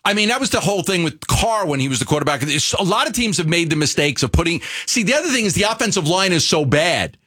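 A man with a New York accent co-hosting a sports radio show, talking casually in an animated, halting way with many restarts. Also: high-pitched, slightly rough.

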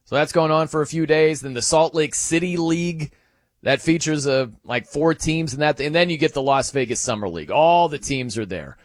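A man's voice: a little high, moderate pace, dry recording, clean studio sound. A man hosting a sports radio show, telling a match story in casual talk and acting out quotes in other voices. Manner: animated, acts out quotes in shifting voices.

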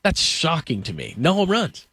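A man's voice: a little high, huge pitch swings, moderate pace, sharp tone, husky, no room sound. A man hosting a sports talk show, chatting casually and quizzing his co-host.

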